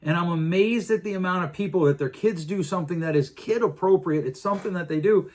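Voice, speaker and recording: A man's voice: high-pitched, fast talker, darkish tone. A middle-aged man hosting a podcast, talking earnestly in a casual monologue with frequent restarts. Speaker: podcast host.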